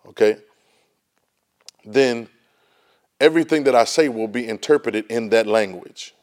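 A man's voice: mid-range voice, unhurried, pauses often, a little mellow. A man teaching a Bible study class, emphatic and folksy, often repeating words as he restarts a thought. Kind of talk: Bible study lesson, preaching.

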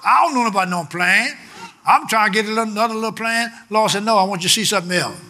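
An older man preaching a sermon, shouting with emphasis and then dropping suddenly quiet. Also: high-pitched, fast talker, a crowd in the background.

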